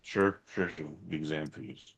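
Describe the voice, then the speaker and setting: A man's voice: rumbling low, fairly even intonation, measured pace, creaky, slightly rough. A middle-aged man co-hosting a podcast in laid-back, joking banter. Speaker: podcast co-host. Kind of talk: casual chat.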